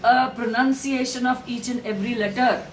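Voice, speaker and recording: A woman speech therapist with an Indian English accent gives firm, patient instructions, repeating questions and spelling words out letter by letter. Her voice sits a little high. The room is echoey, with a faint hum behind her. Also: steady tone. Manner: firm, repetitive coaching, spelling out letters slowly. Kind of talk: one-on-one speech therapy lesson.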